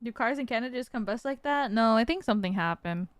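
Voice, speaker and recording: A young woman streaming a game and telling a story in casual chat, animated and quick to laugh. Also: fairly high pitch, clear, resonant tone, no echo. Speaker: VTuber streamer playing a game.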